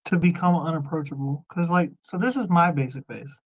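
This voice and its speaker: A man's voice: on the high side, fairly quick, a little hiss or hum, rough recording. A man with a Southern twang, hosting a casual podcast chat, laughing often and joking loosely. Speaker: podcast host.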